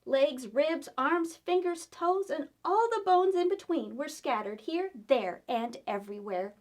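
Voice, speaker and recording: Storytime librarian, woman, high bright voice full of swoops, playful. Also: unhurried. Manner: animated, playful, addresses children. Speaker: children's librarian. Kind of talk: children's storytime reading. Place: public library.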